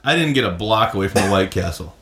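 A man telling a long story in casual podcast chat, acting out his own shouted lines and others' quotes. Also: lowish voice, animated, fast, reverberant, slight background noise. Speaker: podcast guest.

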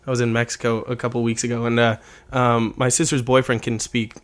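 A man's voice: medium pitch, little pitch movement, brisk. Laid-back male podcast host. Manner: laughs often, filler-heavy segues. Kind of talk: casual podcast chat.

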